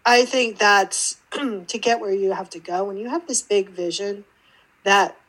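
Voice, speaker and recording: A woman's voice: medium pitch, measured pace, low-quality recording. A woman guest on an interview podcast, telling her story casually and acting out the voices in it. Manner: animated, acts out quoted dialogue. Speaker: podcast guest, intuitive teacher.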